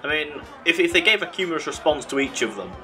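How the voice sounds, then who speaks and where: A man's voice: fairly high pitch, very animated, fast, over music. A man giving casual, sarcastic commentary while he plays a game. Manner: chatty, sarcastic, laughs at his own mishaps. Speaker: let's play host.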